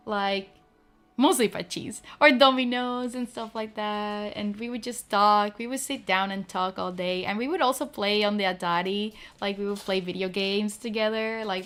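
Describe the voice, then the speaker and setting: A woman streamer chatting casually to her viewers, talking fast and filling her speech with "like". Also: mid-range voice, a bit bright, smooth. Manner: fast-talking, full of "like" fillers. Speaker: streamer debuting a virtual avatar. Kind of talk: casual chat.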